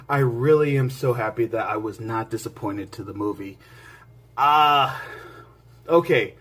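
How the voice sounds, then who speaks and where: A man hosting his own movie review vlog, talking in an excited, rambling way with lots of restarts and side remarks, jumping between loud bursts and quiet mutters. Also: mid-range voice. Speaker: movie reviewer and channel host. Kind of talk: casual spoken movie review.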